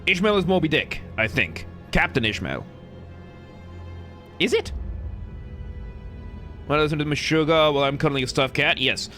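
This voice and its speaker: A man's voice: on the high side, animated, moderate pace, pauses often, fairly bright tone, faint music behind. A man streaming a game, chatting casually and joking with chat in a rambling, self-correcting way. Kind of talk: casual live-stream commentary.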